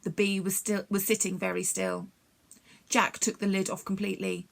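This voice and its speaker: An Englishwoman at a library reading a children's story aloud in a clear, expressive way. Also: medium pitch, normal speed.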